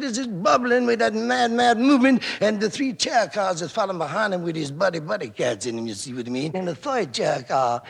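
A man telling a story in rhythmic hipster slang, swinging from hushed asides to shouts. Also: high voice, vocal fry, slightly rough, long reverb tail. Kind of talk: jazz-hipster spoken storytelling.

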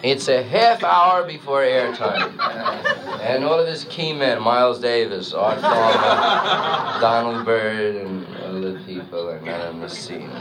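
Male stand-up, brisk narrating voice, live over heavy crowd noise. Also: medium pitch, animated. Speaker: comedian. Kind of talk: stand-up storytelling. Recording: loud noise, audience laughter.

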